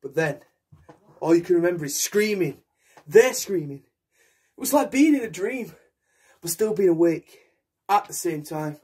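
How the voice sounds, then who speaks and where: A young man delivers a solo theatre monologue in a raw, intense voice, switching between characters as he speaks. His voice sits high, and it carries a husky edge. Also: expressive, unhurried, pauses often, darkish tone. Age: young adult. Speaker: actor.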